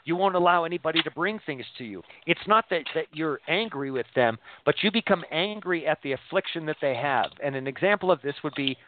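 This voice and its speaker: A man's voice: a little high, animated, brisk, hardly any pauses, slight background noise. Earnest man on a tinny phone line. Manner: earnest, rambling, repeats words as he thinks. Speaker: show host discussing scripture. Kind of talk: casual faith discussion.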